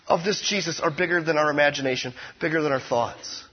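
Male pastor, husky and fairly high, conversational preaching style, loud-to-hushed swings, dull lo-fi sound. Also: fast. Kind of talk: sermon.

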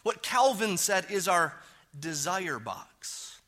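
A man preaching a sermon as pastor, stressing key words loudly and then dropping to hushed, low phrases. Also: expressive, takes it slowly.

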